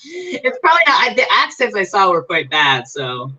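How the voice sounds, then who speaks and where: A bright, forceful voice from a guest on a video call, working through ideas in long explanations full of restarts. The sound is dull and lo-fi. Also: medium pitch, huge pitch swings, moderate pace. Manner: thoughtful, explains at length with restarts. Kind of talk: casual interview chat.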